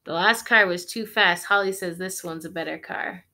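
A woman teacher reading a picture book aloud to students and pausing to ask them gentle questions. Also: on the low side.

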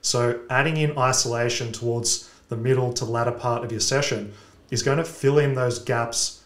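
A male host explaining training methods in a measured, methodical way. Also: mid-range voice. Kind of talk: instructional explanation. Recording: roomy echo.

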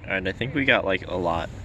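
A man's voice: low-pitched, lo-fi sound. A young man in casual vlog chat, goofy and rambling, filming on a handheld camera at an outdoor berry farm. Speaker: vlogger. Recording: noisy outdoor background.

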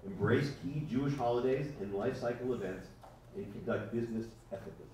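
A man's voice: medium pitch, fairly quick, dark tone, slight background noise. A man giving a rambling personal tribute at a lecture, hesitant and full of fillers. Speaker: memorial speaker. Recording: echoey hall from far off.

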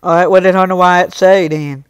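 A man's voice: sits high, fairly even intonation, normal speed, smooth, no room sound, dull audio. A young man live streaming, reading and answering his chat in casual talk, scolding some viewers and joking with others. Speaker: livestreamer.

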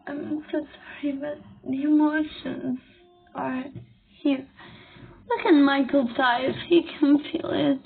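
A woman's voice: high voice, steady tone, creaky. Tearful woman on tinny audio. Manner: tearful, halting, repeats and apologizes. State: crying. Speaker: reaction video host. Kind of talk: emotional reaction commentary. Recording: thin phone-like audio.

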